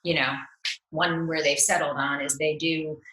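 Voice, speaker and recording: Lowish, bright woman in a roomy echo. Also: flat delivery, measured pace. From New Jersey. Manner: upbeat, laughs easily, reflective. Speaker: guest entrepreneur. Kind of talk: casual interview chat.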